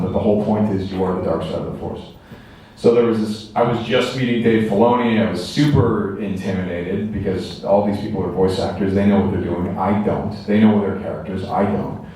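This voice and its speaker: A man answering fan questions at a convention, telling lively anecdotes and acting out quotes. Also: fairly low pitch, recorded from a distance, slight background noise. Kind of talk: animated storytelling to an audience. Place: large convention hall. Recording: echoey convention hall from afar.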